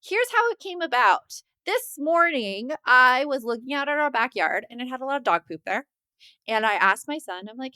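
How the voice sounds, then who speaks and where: A woman co-hosting a parenting podcast, chatting casually and telling animated stories. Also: sits high, normal speed, clean tone, no room sound. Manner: chatty storyteller, animated quoting. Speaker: podcast co-host. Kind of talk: casual chat.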